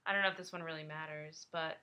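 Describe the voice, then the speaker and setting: A woman's voice: sits low, fairly even intonation, quick pace, bright, forceful tone. A woman hosting a casual podcast, blunt and swearing freely, often trailing off into fillers. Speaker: podcast host.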